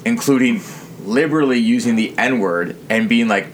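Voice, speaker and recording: A man's voice: mid-range voice, moderate pace. A man hosting a podcast and chatting casually with friends, telling rambling stories and laughing often. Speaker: podcast host. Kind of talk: casual chat among friends. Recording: faint background noise.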